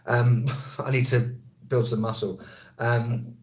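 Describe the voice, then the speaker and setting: A man, a travel vlogger who also teaches English, chatting casually on a live stream and answering viewer comments, quick and chatty, often correcting himself mid-sentence. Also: medium pitch, little pitch movement.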